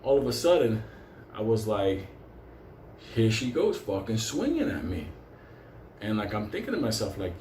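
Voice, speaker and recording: A man's voice: on the low side, dark tone, slight background noise. A man telling a street-fight story from his youth in a loose, profane, rambling way, often breaking into laughs. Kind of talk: casual storytelling. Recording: echoey room with faint ambience.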